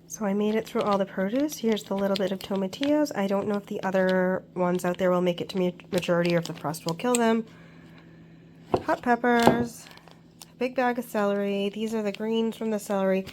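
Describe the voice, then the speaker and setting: A woman with a blocked, congested voice chats her way through a home kitchen vlog, practical and full of little ums. She talks into a phone camera at an average pitch. A faint hiss of noise sits behind her. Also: fairly quick, darkish tone. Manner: chatty, practical, with frequent ums. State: congested from a cold. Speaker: home cooking vlogger. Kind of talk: casual kitchen vlog narration.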